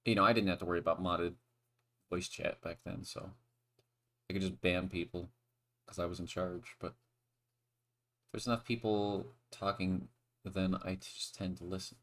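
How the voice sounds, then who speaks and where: Rambling low-voiced man chatting over a game. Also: level tone, moderate pace, pauses often, a bit bright. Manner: rambling, with many restarts and sudden bursts. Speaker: stream co-commentator. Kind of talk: casual gaming chat.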